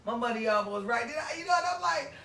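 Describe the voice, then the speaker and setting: High-voiced guy telling a story, bright and laughy, echoey room, mic kinda far. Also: fast talker, creaky. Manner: animated, laughs, acts out quotes. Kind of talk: casual storytelling. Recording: roomy, distant mic, faint noise.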